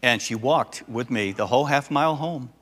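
An older man, a pastor, preaching a sermon and telling a story with animated, acted-out voices. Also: mid-range voice, moderate pace, long reverb tail.

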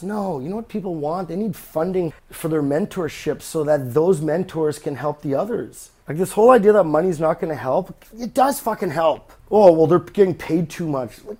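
Podcast host, male, blunt profane monologue, warm dark tone. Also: on the high side. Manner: blunt, profane ranting with mocking imagined voices. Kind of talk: casual monologue.

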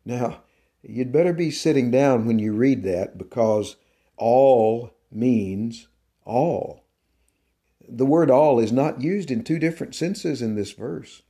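A man giving a devotional teaching talk on his podcast, slow and deliberate, with an emphatic preaching cadence. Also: medium pitch, lively intonation, mellow. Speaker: podcast host and Christian teacher.

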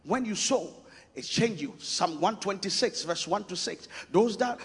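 A man preaching a sermon, emphatic and repetitive, shouting out scripture and lists of points. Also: sits high, expressive, measured pace, slightly rough. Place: church. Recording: long reverb of a church hall.

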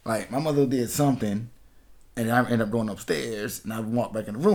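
A podcast host in his thirties, originally from Washington, D.C., recounts a story in loose, profane chat, laughing as he goes. His voice has a gravelly, fry-laced texture at a middle pitch. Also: a little fast, a little mellow, a little hiss or hum. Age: 30s.

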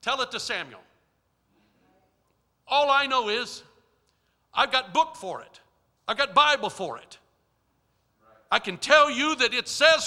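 A man preaching a storytelling sermon, emphatic, with dramatic swings between soft and loud. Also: very high-pitched, animated, measured pace, pauses often. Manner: emphatic, dramatic shifts in loudness. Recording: long reverb of a large hall.

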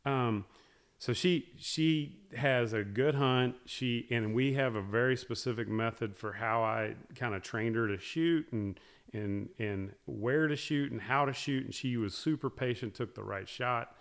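A middle-aged man in casual conversation, telling a long story with many restarts and soft, trailing asides. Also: mid-range voice, a little slow. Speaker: guest talking about hunting with his daughters.

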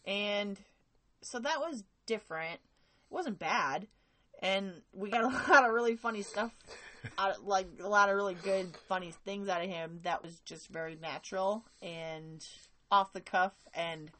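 A woman's voice: mid-range voice, unhurried, sharp tone, no echo. A young woman co-hosting a podcast in casual, candid conversation, laughing easily. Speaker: podcast co-host. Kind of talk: casual chat.

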